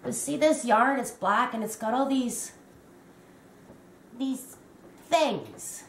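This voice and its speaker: A woman in her fifties unboxes a crochet gift and gushes with excitement. She talks slowly in a fairly high voice. The room is echoey, with a faint hiss underneath. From Canada. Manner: gushing and excitable, with many exclamations. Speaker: crochet vlogger.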